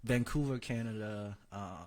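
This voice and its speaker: A man's voice: on the low side, unhurried, a little mellow. A man who is a comedian and a podcast guest, answering in a hesitant, casual way with many fillers. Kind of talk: casual interview chat.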